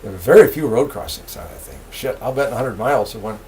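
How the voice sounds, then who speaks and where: A man's voice: mid-range voice, quick pace, a little hiss or hum. An older man, a retired railroad engineer, telling his stories in an interview with plenty of laughter. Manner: lively, laughing, animated storyteller. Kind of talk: storytelling interview.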